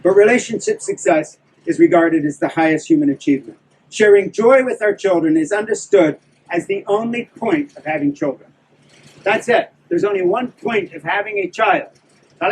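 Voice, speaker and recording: A man's voice: sits high, brisk, slightly rough. Older man giving a candid talk from a distance. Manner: candid, self-deprecating, animated. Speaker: author speaking at a book event. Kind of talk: live talk to an audience.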